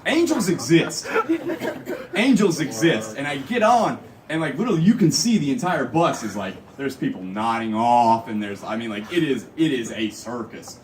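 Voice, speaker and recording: A man's voice: mid-range voice, animated, normal speed, few pauses, noisy background. A young man telling a comic story live on stage, rambling and packing in "like" and "literally.". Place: live show venue. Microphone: phone camera from the audience. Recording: phone recording from far off.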